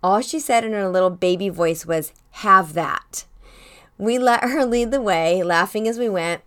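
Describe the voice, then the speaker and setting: Older lady doing a weekly devotional, gentle reflective storytelling. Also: mid-range voice. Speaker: devotional host. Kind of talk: personal devotional talk.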